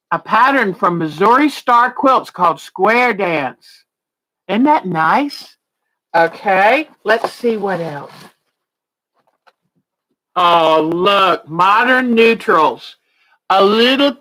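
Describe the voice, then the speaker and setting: Woman host, unhurried, gushy and chatty, lots of delighted "oh"s while unboxing on stream. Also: mid-range voice, fairly bright tone, rough recording. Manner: gushing, exclaims "oh" often, chatty. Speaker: quilting livestream host. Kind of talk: casual livestream unboxing chat.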